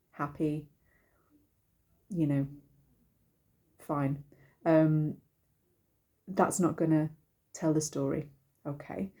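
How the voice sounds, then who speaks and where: A woman's voice: sits low, warm tone. A woman, a singing teacher, giving a casual and rambling lesson to camera with many ums and restarts. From United Kingdom.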